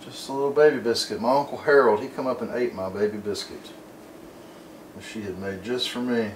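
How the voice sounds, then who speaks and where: Guy cooking at home, easygoing rambly chat, mid-pitched voice, faint room hum. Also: steady tone, brisk. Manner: folksy, easygoing, rambling storyteller. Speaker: cooking show host. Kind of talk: casual cooking demonstration. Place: home kitchen. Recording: roomy kitchen, mic at a distance.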